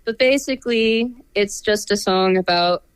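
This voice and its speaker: A woman's voice: medium pitch, normal speed, clear, resonant tone, dry recording, low-quality recording. A young woman, a music student and songwriter, chatting casually and saying "like" a lot. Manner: laid-back, lots of "like". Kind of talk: casual chat.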